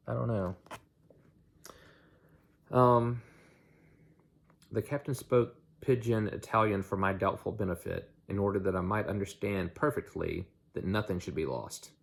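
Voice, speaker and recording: A man's voice: fairly low pitch, unhurried, gravelly, long pauses, breathy edge. A man reading a novel aloud in an unpolished way, with slips and restarts. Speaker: audiobook reader.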